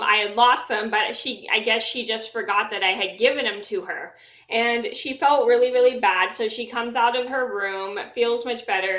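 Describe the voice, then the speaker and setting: A woman's voice: mid-range voice, sharp tone, roomy sound. A woman vlogger at home telling a story to camera in a rambling way, restarting sentences and repeating her last word.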